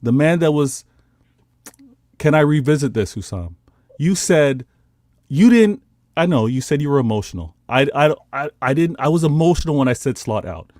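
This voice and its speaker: Animated high-voiced man arguing football. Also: normal speed, no room sound, clean studio sound. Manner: animated, argumentative, pleads for his turn to speak. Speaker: football podcast panelist. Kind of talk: heated football debate.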